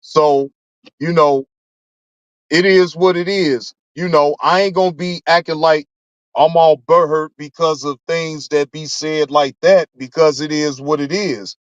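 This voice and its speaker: A man with a high voice hosts a livestream, chatting with his viewers in a loose, rambling and profane way. The audio is dry and dull, with a lo-fi quality. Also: steady tone, measured pace, no room sound. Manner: laid-back, profane, rambling. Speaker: livestream host. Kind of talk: casual livestream talk reading chat. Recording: dull lo-fi sound.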